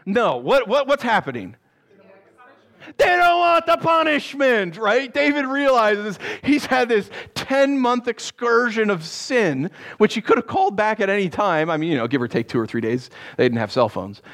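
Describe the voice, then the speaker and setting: A male pastor preaching a sermon, reading Bible verses and cracking jokes in animated asides. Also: high voice, normal speed.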